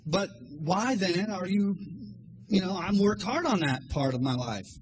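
A man in his thirties preaching a sermon, telling stories with animated energy and acting out voices. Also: high-pitched, a little slow, a little hiss or hum, rough recording. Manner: animated storytelling, acts out voices. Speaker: lay preacher.

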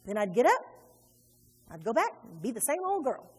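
Faint music plays behind a woman from Indiana as she preaches at a measured pace in a church sanctuary. Her voice is a little high, slightly rough and very animated, and she emphatically acts out quoted voices under long hall reverb.

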